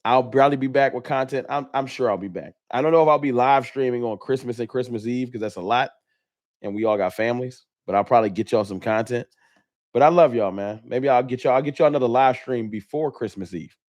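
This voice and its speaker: A man hosts a live stream in a heated, casual rant. He hammers his points with emphatic repetition and swears freely. His voice sits at a middling pitch. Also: fairly quick, darkish tone.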